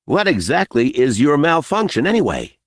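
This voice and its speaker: A man doing a smirking high-voiced alien rogue. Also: wildly swooping pitch, no echo, studio quality. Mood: mocking. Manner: sarcastic, quick, mocking. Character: wisecracking male alien rebel guide, cocky.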